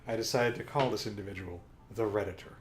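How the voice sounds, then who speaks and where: A man's voice: on the low side, quick pace, echoey room. A man doing joking commentary while playing a video game. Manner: joking, wisecracking. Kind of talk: let's play commentary.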